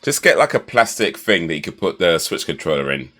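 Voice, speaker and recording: A man's voice: deep voice, sing-song, fairly quick, bright, forceful tone. A man hosting a podcast who chats casually and laughs often, stammering a little through his replies. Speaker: podcast host.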